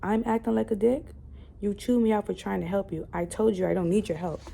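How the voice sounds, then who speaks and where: A woman's voice: mid-range voice, steady tone, fairly quick, creaky, mellow, slight background noise. A woman reading a novel aloud, voicing a defensive young woman in an argument. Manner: read aloud from a novel, lightly voiced.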